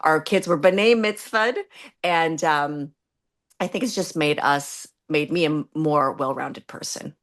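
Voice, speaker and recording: A woman's voice: low voice, unhurried. A woman answering interview questions in a chatty, friendly way, laughing lightly between phrases. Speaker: chef, interview guest. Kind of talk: casual conversational interview.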